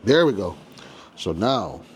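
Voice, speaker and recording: A man's voice: on the low side, very animated, slow pace, slight background noise. Chatty man unboxing toys. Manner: chatty, playful, jokey. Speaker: toy collector host. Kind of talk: casual unboxing commentary.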